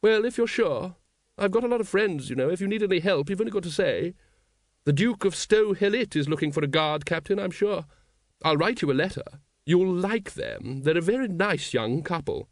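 A male narrator putting on a big-hearted aristocratic dragon breeder, flustered and awkward, voiced high and lively. She speaks in a hearty rush for an audiobook. The sound is close and dry. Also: moderate pace, no echo. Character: gruff, aristocratic large woman, dragon breeder.

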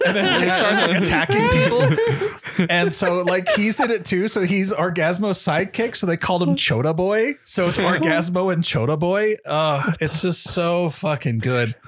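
A man's voice: high-pitched, moderate pace, hardly any pauses, no echo. A man co-hosting a podcast, telling a movie story with heavy swearing and acted-out quotes. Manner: animated storyteller, swears a lot, acts out quotes. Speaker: podcast co-host. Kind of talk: casual chat, retelling a movie.

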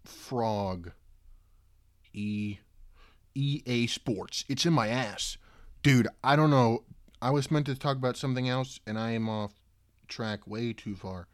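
A young man talks into a close, dry mic with a medium-pitched voice. He rambles and swears, then jumps into loud cries of disbelief. It sounds like a casual solo podcast. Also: takes it slowly, pauses often, no echo. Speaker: podcast host.

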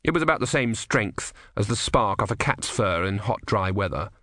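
A man narrating a comic novel as an audiobook, with wry, expressive storytelling. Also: fairly low pitch, normal speed, dry recording, clean studio sound. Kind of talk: scripted narration.

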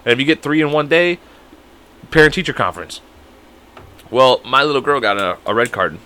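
A man's voice: medium pitch, fairly quick. A man in his thirties, a podcast co-host, rambling and swearing his way through a casual story. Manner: rambling, profane, animated storytelling. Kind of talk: casual chat.

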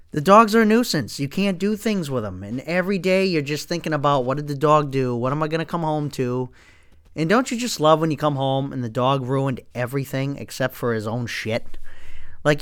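A man's voice: fairly high pitch, a bit bright, smooth, no room sound, studio quality. A man ranting casually and comically to his listeners, profane and full of stammered restarts. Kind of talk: casual comedic rant.

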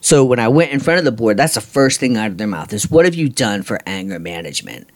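A man's voice: lowish voice, sing-song, quick pace. A middle-aged man hosting a podcast, telling a personal story in a blunt, frustrated, ranting way with casual swearing. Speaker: podcast host.

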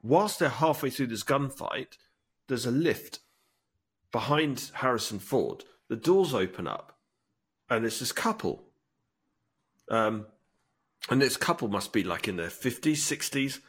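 A man's voice: mid-range voice, animated, measured pace, long pauses, fairly bright tone, husky. A man chatting casually as a podcast co-host, eagerly retelling a movie scene in detail. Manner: enthusiastic storytelling, acts out film lines. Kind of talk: casual chat.

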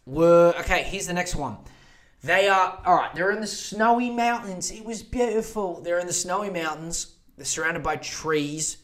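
High-voiced man ranting crudely. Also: lively intonation, moderate pace, a bit bright. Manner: crude, profane, rambling asides. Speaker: podcast host. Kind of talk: casual solo podcast rant.

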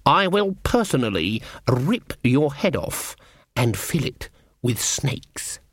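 A man voicing a stern old witch woman in an audiobook, speaking slowly and gravely. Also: mid-range voice, sing-song, dry recording, clean studio sound, full character voice. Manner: slow and grave.

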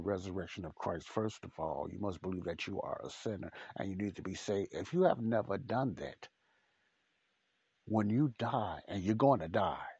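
A man's voice: lowish voice, darkish tone, breathy edge, dry recording. A man preaching a podcast sermon, blunt and repetitive, speaking straight to the listener. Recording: dull, dry lo-fi recording.

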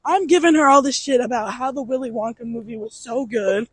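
A young woman casually telling a profane, animated story, often laughing. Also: fairly high pitch, a little fast, slightly rough. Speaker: storytelling co-host.

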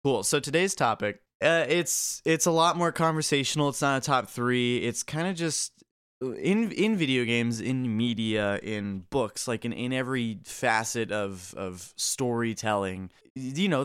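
A man's voice: mid-range voice, a bit bright, clear, resonant tone, dry recording, studio quality. A man hosting a podcast, introducing the topic in a loose, conversational way. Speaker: podcast host. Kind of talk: casual podcast chat.

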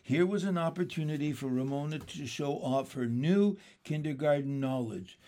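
Male storybook reader, slightly high voice, expressive and lively. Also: normal speed, hardly any pauses. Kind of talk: reading a children's book aloud.

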